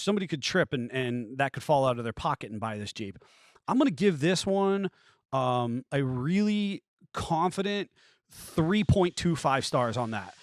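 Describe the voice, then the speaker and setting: A man hosting a show, giving casual commentary with sarcastic, wisecracking asides and animated jumps in pitch for jokes. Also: no echo, studio quality. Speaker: host reviewing used Jeep listings.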